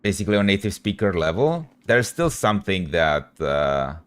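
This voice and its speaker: A man's voice: deep voice, big pitch swings, moderate pace, clean tone. A man from Europe, a game streamer, chatting casually with his live audience in a rambling, laid-back way full of slang.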